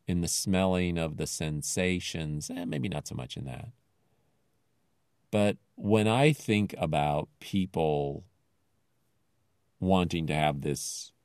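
A man's voice: very deep voice, a little mellow, smooth, no echo, clean studio sound. A man casually retelling a television episode in a rambling, thoughtful way with many fillers.

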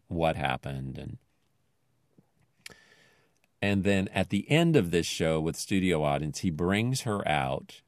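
A man's voice: deep voice, no room sound, studio quality. A man casually retelling a television episode in a rambling, thoughtful way with many fillers.

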